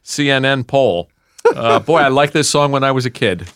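Bright, lively man hosting a podcast. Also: mid-range voice, dry recording, studio quality. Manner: enthusiastic, trivia-driven, quick to laugh. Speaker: podcast host. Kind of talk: casual comedic chat.

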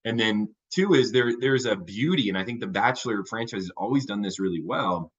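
A man co-hosting a casual podcast chat, talking in a thoughtful, measured way with frequent fillers and restarts. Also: fairly low pitch, animated, slightly rough, dull audio. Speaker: podcast co-host.

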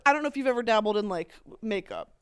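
High, lively woman teasing a host. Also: clean tone, dry recording, studio quality. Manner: teasing, giggly, quick to needle. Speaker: podcast guest. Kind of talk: casual comedic chat.

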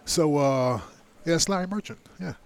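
A man's voice: on the high side, moderate pace, creaky, clean tone. Middle-aged guy on a podcast, cusses a lot, emphatic, lots of "like, you know". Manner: profane, emphatic, many fillers. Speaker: guest, former heavyweight boxing champion. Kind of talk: candid storytelling in a podcast interview.

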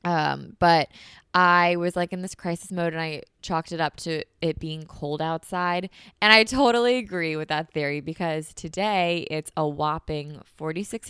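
A young woman chats on her own podcast in a bubbly, gushing way, full of "like". Her voice sits a bit low, smooth and clean, a touch congested from allergies. The close mic sounds dry, with no room around it. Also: a little slow, a bit bright, no room sound. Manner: bubbly, gushing, heavy use of "like". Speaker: podcast host. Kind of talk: casual solo podcast chat.

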